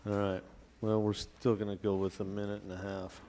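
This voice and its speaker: A man's voice: lowish voice, flat delivery, moderate pace, noisy background. A man chairing a county board meeting, speaking in a casual, procedural way.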